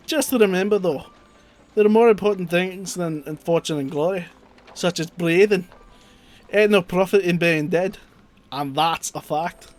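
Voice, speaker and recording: A man's voice: sits high, a little slow. A man voicing a chatty old male peddler in a wavering put-on Scottish accent, reading game dialogue in a folksy, rambling way.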